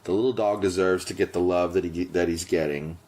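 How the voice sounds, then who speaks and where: A man's voice: sits low, steady tone, brisk, a little mellow. A man co-hosting a podcast in casual chat, emphatic and teasing. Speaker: podcast co-host.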